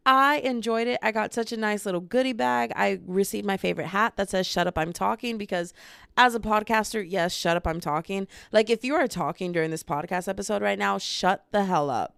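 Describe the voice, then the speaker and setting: A woman's voice: medium pitch, moderate pace, vocal fry, a bit bright, clean tone, dry recording, studio quality. A woman, hosting a casual podcast vlog from home and talking to a small handheld camera in a bubbly, rambling, self-mocking way. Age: 20s. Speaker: podcast host. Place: home room with bookshelf.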